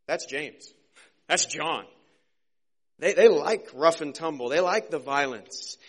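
A man preaching a casual, conversational sermon as a pastor, joking and slipping into quick character voices. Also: on the high side.

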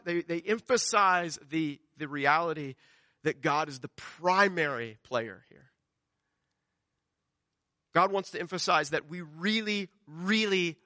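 A man preaches, his voice high and bright. He speaks earnestly and with emphasis, often repeating words. The sound is close and dry, with no room echo. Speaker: pastor. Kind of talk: sermon.

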